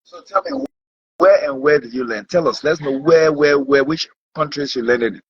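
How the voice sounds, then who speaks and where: A man interviewing a guest, eagerly jumping in with quick questions. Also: fairly high pitch, expressive, breathy edge, dry recording. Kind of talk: casual interview. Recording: dry, dull lo-fi recording.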